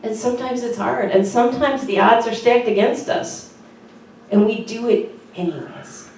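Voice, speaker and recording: A woman pastor giving a sermon in an earnest, conversational way, with soft fillers, in a church sanctuary. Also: fairly high pitch, normal speed, a little hiss or hum. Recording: very echoey room from far off.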